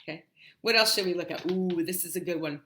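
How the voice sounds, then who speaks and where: The sound is roomy as a woman with a lowish, fairly bright voice runs a lively livestream lesson on English shapes. Between chatty asides, she sings and draws words out for kids to echo.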